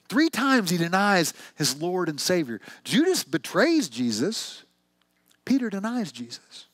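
A male pastor delivers a sermon in a lively, conversational style, asking his listeners one question after another. His voice sits a little high for a man. The recording is close and dry. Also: moderate pace, husky, no room sound. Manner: conversational, animated storytelling with rhetorical questions.

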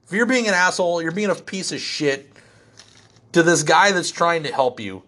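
A middle-aged man ranting in a blunt, crude way, swearing heavily and getting animated as he vents. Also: on the high side, normal speed. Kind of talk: profane comedic rant.

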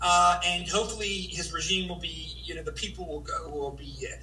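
An American man talking as a livestream guest, animated and rambling, stammering and repeating words as he goes. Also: a little high, a little fast, reverberant, recorded from a distance, a little hiss or hum, poor audio. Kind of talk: livestream interview.

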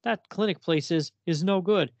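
A man's voice: high-pitched, normal speed, no echo, pitched above the performer's own voice. A man voicing a desperate young male addict who pleads for help in a whiny, raised voice, read aloud from a comic. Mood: pleading.

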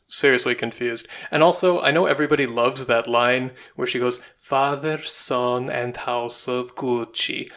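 A man's voice: mid-range voice, a bit bright. A man co-hosting a podcast, giving opinionated film reviews in casual chat, with frequent ums and likes. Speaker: podcast co-host.

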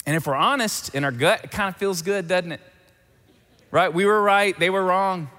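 A man preaching a sermon as pastor, animated and emphatic, repeating key phrases. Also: high voice, normal speed, in a large hall.

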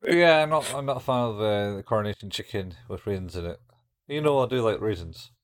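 A man's voice: fairly low pitch, expressive, no room sound. Wry man trading quips, dry mic. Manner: quick joking interjections, wry quips. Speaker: podcast co-host. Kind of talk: casual banter.

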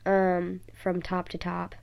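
Gravelly and a bit mellow, her fairly low voice comes out completely flat and slow. She's a tired teen at home doing a casual phone-app vlog, drifting through loose run-on thoughts full of "um" and "like."

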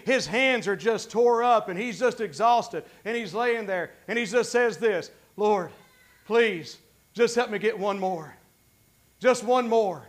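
A man's voice: high voice, fairly bright tone. A man preaching a sermon as pastor, fervent and conversational, often restarting his sentences.

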